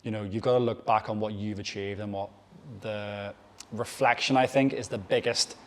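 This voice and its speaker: A man's voice: lowish voice, fairly even intonation, moderate pace. A man talking as a kettlebell coach and podcast guest in a casual chat, swearing freely and acting out what people said. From Ireland.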